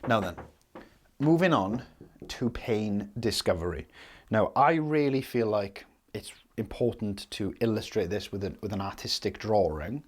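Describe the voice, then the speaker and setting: A man teaching sales at a whiteboard, his voice sitting on the lower side. He talks straight to the point and keeps checking in with a quick "okay?" or "right?". It comes across as casual, hands-on coaching. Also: expressive, breathy edge.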